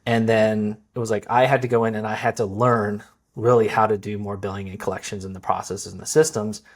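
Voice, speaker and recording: A man's voice: on the low side, little pitch movement, a little fast. A man hosting a business podcast, chatting casually and asking long, rambling questions. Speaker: podcast host. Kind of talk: conversational interview.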